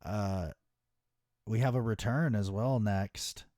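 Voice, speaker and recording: A man's voice: fairly low pitch, warm tone, no room sound, studio quality. Laid-back, swearing man on a podcast. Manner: laid-back, profane, quick reactions and bursts of laughter. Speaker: podcast co-host. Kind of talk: casual podcast chat.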